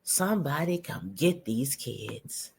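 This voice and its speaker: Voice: mid-range voice, animated, slow, vocal fry, husky. A reaction host giving sarcastic commentary on a vlog clip, teasing the people in it and speaking straight to viewers.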